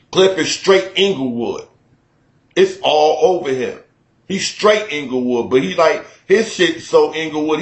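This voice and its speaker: Profane animated Chicago man, roomy sound. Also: on the high side. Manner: profane, animated, slips into mock voices. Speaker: radio show host. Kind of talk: loose comic talk radio rant. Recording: roomy studio echo.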